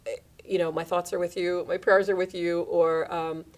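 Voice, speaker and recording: Radio host, woman in her thirties or forties, chatty and animated, pitching up and down to act out quoted lines. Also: normal speed. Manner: animated, acts out quoted lines in shifting voices. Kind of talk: casual radio chat.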